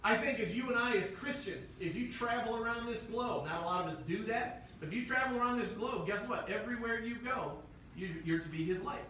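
A man's voice: sits high, fairly quick, sharp tone, slight background noise. A man with a Midwestern American accent preaching a conversational sermon, often checking in with "right?". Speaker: pastor. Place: church sanctuary. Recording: echoey church from far off.

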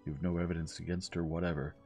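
A man reading gently, voicing a young man who talks in a casual, plain-spoken way. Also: sits low, little pitch movement, fast, soft background music, voice pushed up. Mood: defiant. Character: young man, wry and cornered.

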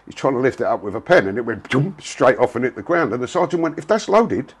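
A man's voice: medium pitch, lively intonation, fast talker, husky. A man, telling a story in a blunt, casual way, full of slang and swearing. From England. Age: 60s. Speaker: interviewee.

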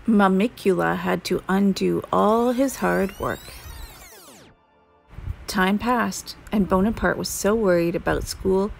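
A woman reading a children's picture book aloud in a slow, gentle storytelling manner. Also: mid-range voice, creaky, soft background music, low-quality recording.

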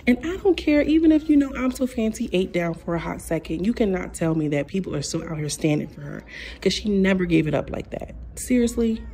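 A woman's voice: lowish voice, expressive, a little fast, dark tone, breathy edge. A woman giving casual opinion commentary in a sassy, blunt way, talking straight to her viewers. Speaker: commentary vlogger.

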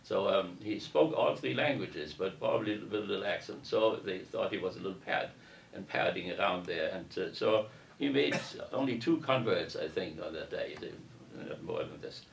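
A man's voice: sits low, moderate pace, vocal fry. A man giving a university lecture in a parish hall, reading passages aloud and then discussing them at length. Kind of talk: academic lecture to an audience. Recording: roomy echo from a distance.

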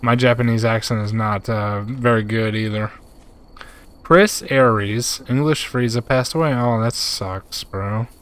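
A man's voice: medium pitch, a little slow, a bit bright, clear, resonant tone. A young man streaming a game, chatting casually with his viewers and reading their messages aloud. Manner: laid-back, chatty, says "bro" a lot. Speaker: gaming streamer. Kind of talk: live gameplay commentary reading chat.

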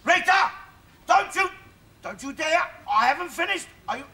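An actor playing a cantankerous, rude older father in a sitcom, with a blustering, shouting manner. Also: very high-pitched, sing-song, normal speed, exaggerated voice. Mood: grumbling, ranting. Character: cantankerous, bigoted older man, a loud-mouthed father. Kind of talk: sitcom acting. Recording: loud background noise.

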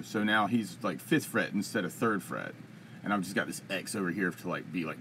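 A man's voice: low-pitched, fairly quick, sharp tone, slight background noise. An American man hosting a casual live-stream Q&A as a guitar teacher, talking in a rambling, chatty way and laughing often. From United States. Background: faint guitar strumming.

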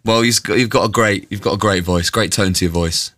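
A male radio host bantering in a casual, animated and self-mocking way, often sounding exasperated. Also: fairly low pitch, a little fast, dry recording.

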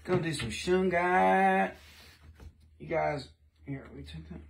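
A man's voice: fairly high pitch, takes it slowly, creaky, a little hiss or hum. A man hosting a casual live-stream sale of rocks and minerals, chatty and jokey, with offhand swearing.

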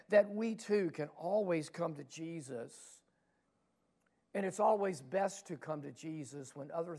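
Pastor, male, raised pitch with gravel in it; sermon delivery that throws rhetorical questions at the congregation. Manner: dynamic preaching, swelling loud then dropping to hushed asides. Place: church sanctuary.

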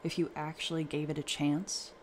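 A man's voice: on the high side, flat delivery, moderate pace, a little hiss or hum, natural voice. A man voicing an arrogant mother caught up in a cult in a read-aloud horror story. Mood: smug. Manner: cold, arrogant, preachy. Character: cult-brainwashed mother, adult woman, smug.

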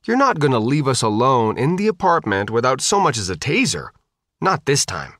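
A man's voice: mid-range voice, sing-song, moderate pace, fairly bright tone, dry recording, studio quality. A man voicing a blunt, sarcastic teenage girl who works as a bodyguard in an audiobook.

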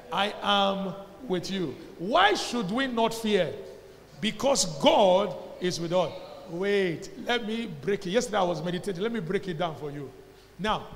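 Nigerian pastor man preaching loud then soft, high gravelly voice, echoey church hall, bit of noise. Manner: emphatic preaching, calls to the congregation, swings from loud shouts to low asides. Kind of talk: sermon. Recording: long hall reverb, faint background noise.

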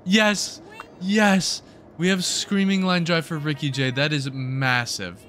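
A young man hosting a gaming video, giving excited let's-play commentary and cheering his team on with slangy outbursts. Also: fairly high pitch, takes it slowly, a little hiss or hum. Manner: hyped, yelling at the game, slangy.

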